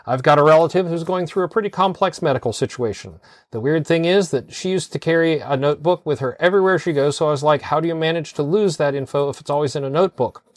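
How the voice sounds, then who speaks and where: Speaking quickly in a somewhat high voice, a man co-hosts a podcast, keeping the casual chat easygoing though hesitant and filler-heavy. The sound is clean studio audio without echo.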